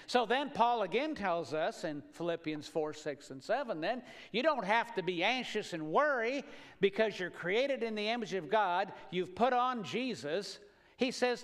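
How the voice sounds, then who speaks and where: A man preaching a sermon with a high, light voice. His delivery is folksy and earnest, rising to loud exhortation and then dropping to quiet, confiding asides. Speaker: pastor.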